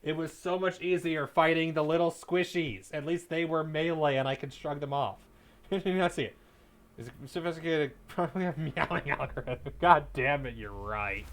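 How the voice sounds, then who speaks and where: A man giving live gameplay commentary as a streamer, chatting with viewers at a desk mic and breaking into loud, excited yelling. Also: a little high, moderate pace. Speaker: game streamer.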